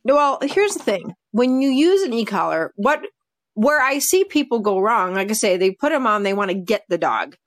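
A woman dog trainer in casual podcast conversation, telling lively stories and acting out her dogs' reactions. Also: a little high, normal speed.

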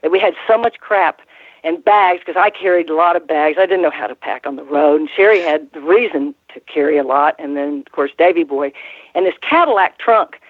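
A woman's voice: low-pitched, a little fast, no echo. A woman in her sixties, a former ring announcer, telling rambling stories in a casual interview and laughing often. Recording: tinny phone line, dry.

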